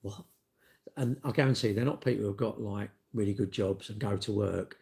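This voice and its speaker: Gravelly blunt man in his sixties. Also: lowish voice, moderate pace, a little mellow. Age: 60s. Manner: blunt, sweary, storytelling with acted-out quotes. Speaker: live streamer. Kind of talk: casual ranting monologue.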